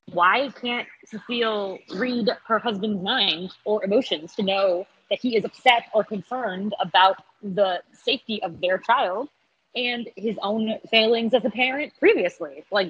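A woman chatting casually about a TV episode, sarcastic and animated, laughing often and acting out quotes. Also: mid-range voice, husky, dull audio. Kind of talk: casual TV episode review chat.

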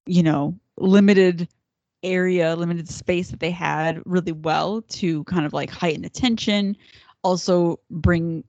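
A woman talks through a TV episode in easy, excited chat, laughing between her points. Her voice sits a little low. The audio is dry and a bit muffled, with no room sound. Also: no room sound. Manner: chatty, enthusiastic, laughs often, jumps into quoted voices. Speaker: podcast co-host. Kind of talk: casual TV recap chat.

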